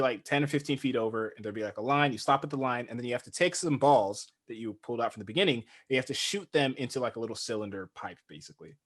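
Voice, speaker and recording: A man's voice: mid-range voice, a bit bright. A man co-hosting a casual reality show recap podcast, joking and acting out quotes in punchy lines. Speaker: podcast co-host.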